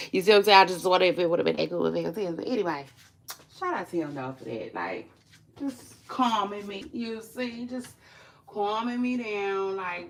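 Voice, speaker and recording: A woman vlogging in casual chat to camera, animated, profane and chatty, talking straight to her viewers. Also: mid-range voice, moderate pace, gravelly, a little hiss or hum.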